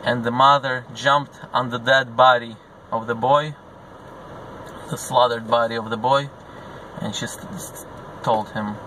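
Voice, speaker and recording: A man's voice: mid-range voice, fairly even intonation, measured pace, pushed and bright, slight background noise, low-quality recording. A man serving as a religious teacher, retelling a religious story in earnest and acting out the characters' lines as he goes. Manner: acts out the characters' dialogue within the narration; earnest storytelling with a few restarts.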